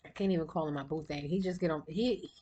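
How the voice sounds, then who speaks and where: A woman's voice: low voice, warm tone, lo-fi sound, a little hiss or hum. A woman giving a casual spiritual card reading, chatty and rambling, and a little out of breath. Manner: chatty, rambling, quick bursts of laughter. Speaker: tarot card reader.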